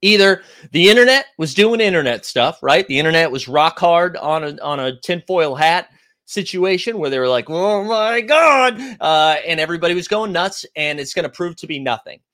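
A young male sports host talks loosely and profanely, jumping between the games and his viewers' comments. His voice sits a little higher than most men's. He rambles, restarts and piles on asides. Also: a little fast, a bit bright. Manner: rambling, profane, reacts to chat. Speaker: podcast host. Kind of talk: casual sports talk with live chat.

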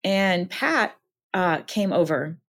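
A woman's voice: fairly low pitch, lively intonation, slow pace. Earnest woman telling her story. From Minnesota. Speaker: author and counselor, podcast guest. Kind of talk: personal testimony in conversation.

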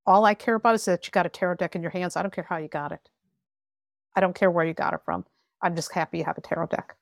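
A woman's voice: lowish voice, fast, vocal fry, no echo, clean studio sound. A woman tarot reader talking bluntly and emphatically, giving frank advice in a podcast conversation. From rural area.

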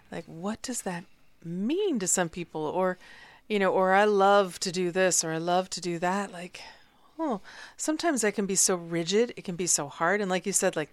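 A middle-aged woman co-hosting a relaxed talk, thoughtful and searching for her words. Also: medium pitch, no room sound. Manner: thoughtful, searching, many fillers. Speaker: podcast co-host. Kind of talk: casual conversation.

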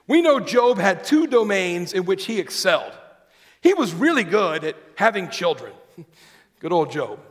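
A man preaching a sermon to a congregation, reading scripture aloud and putting questions to the listeners. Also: sits high. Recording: long hall reverb.

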